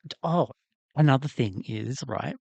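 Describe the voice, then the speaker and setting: A man's voice: medium pitch, animated, unhurried, gravelly, darkish tone, breathy edge, dry recording. Chatty man on a dry mic. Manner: rambling, chatty, candid asides. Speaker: livestream host. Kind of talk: casual livestream chat while working on a doll.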